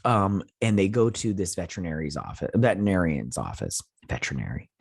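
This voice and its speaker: Low-voiced man rambling through a recap. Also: sing-song, a little fast, gravelly, slightly rough, no echo, clean studio sound. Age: 30s. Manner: rambling, loose storytelling with many restarts; amused, chatty. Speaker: show recap host. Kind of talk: casual episode recap.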